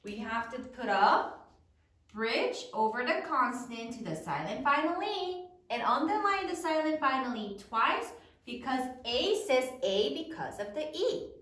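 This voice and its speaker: Woman teacher, spelling lesson; lively high delivery, slow careful sounding-out, a bit far from the mic. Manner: slow, drawn-out dictation, sounding out words. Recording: echoey room, mic at a distance.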